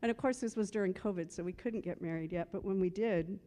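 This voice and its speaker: A woman talks fast in a mellow, medium-pitched voice while eulogizing her husband at a memorial service. She tells funny stories and plays out old conversations between them.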